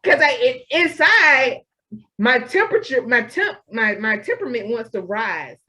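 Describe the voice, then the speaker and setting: A young woman, co-hosting a podcast in casual chat, animated and acting out her own inner voice. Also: on the high side, a little slow, rough recording. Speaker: podcast co-host.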